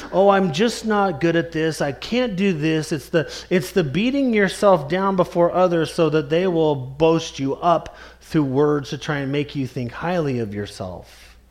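Man, pastor, sermon, earnest, emphatic, slightly high voice. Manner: earnest, emphatic, slows right down to stress key words.

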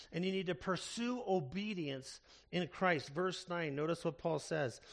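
A man preaches a sermon with an earnest, steady delivery. His voice sits a little high for a man and carries a gravelly fry. He slows right down to lean on the words that matter. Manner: earnest preaching with slow emphatic stresses. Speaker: pastor.

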